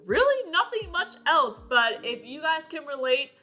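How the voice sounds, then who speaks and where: A woman's voice: high voice, sing-song, a little slow, bright, forceful tone, soft background music. A young woman vlogging in a casual chat to the camera, talking freely with many fillers and frequent laughs.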